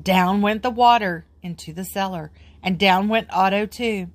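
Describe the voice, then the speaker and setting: A woman reading a children's book aloud in an expressive, sing-song way. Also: mid-range voice, moderate pace, no echo. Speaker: storybook reader.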